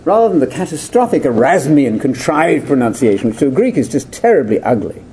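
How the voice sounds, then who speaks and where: Older man, theological lecture, lively pitch swings, mellow dark tone, rhetorical questions. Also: fairly quick, slight background noise. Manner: animated, digressive, rhetorical questions.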